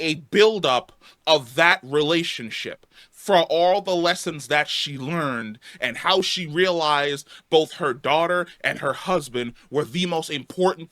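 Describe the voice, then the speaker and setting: A man with a fairly high, sharp voice reviews a show in an angry, heated rant, swearing and repeating himself for emphasis. His voice is giving out as he goes. The recording is dry, with clean studio sound.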